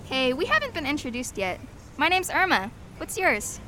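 A woman's voice: high-pitched, wildly swooping pitch, normal speed, sharp tone, slight background noise, heavily acted. An actress playing a sweet, scatterbrained young woman in a 1940s radio comedy, naive and chirpy, taking everything literally.

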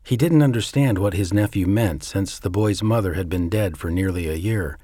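A man reading a suspenseful story aloud in a measured way. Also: low-pitched, mellow, dry recording, studio quality. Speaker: narrator. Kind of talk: scripted story narration.

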